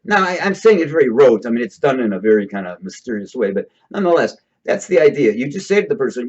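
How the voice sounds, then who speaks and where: A host casually explains hypnosis to his audience, rambling a bit and checking in with listeners along the way. His slightly high voice moves briskly with big pitch swings. The lo-fi recording sounds dull.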